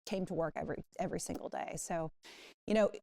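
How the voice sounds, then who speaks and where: A woman on a discussion panel, a news manager who tells stories in an animated way. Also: fairly low pitch, fast, vocal fry, no echo, clean studio sound. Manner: animated storytelling.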